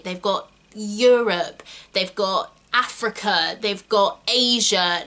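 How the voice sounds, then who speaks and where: Bright-voiced chatty woman. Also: medium pitch. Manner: chatty and animated, quick tangents. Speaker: acting coach giving advice. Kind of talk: casual talk to camera.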